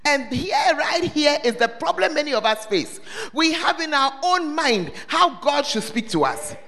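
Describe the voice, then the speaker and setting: A man preaching a sermon, quizzing the congregation with questions and breaking into shouts. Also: very high-pitched, sing-song, moderate pace. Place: church service hall. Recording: long reverb of a large hall.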